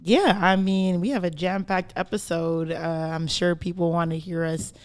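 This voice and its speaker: A woman's voice: lowish voice, steady tone, normal speed. Emphatic woman podcast host. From Canada. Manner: emphatic, tags points with "right?" and "okay?". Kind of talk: casual podcast chat.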